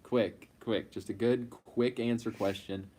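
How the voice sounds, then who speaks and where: A man co-hosting a casual live Q&A, playfully reluctant, with quick asides. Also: mid-range voice, fairly even intonation, a little mellow. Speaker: co-host of a couple's live Q&A. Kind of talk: casual live-stream chat.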